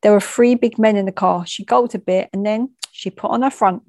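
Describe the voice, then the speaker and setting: A woman's voice: medium pitch, fairly even intonation, a little fast, darkish tone, dry recording. A woman telling a first-hand story in a frank, plain way, with conversational asides and small stumbles.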